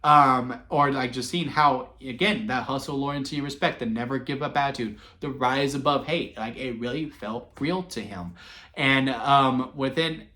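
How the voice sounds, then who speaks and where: A man in his twenties telling wrestling memories in a casual, sentimental vlog, excitable and full of fillers and restarts. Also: medium pitch, a little slow. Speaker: wrestling vlogger. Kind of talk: casual rambling storytelling.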